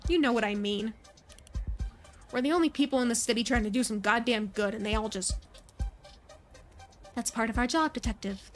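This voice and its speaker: A woman's voice: fairly high pitch, moderate pace, long pauses, soft background music. A woman streamer reading a visual novel's dialogue aloud, voicing every character in a near-plain voice and adding brief asides.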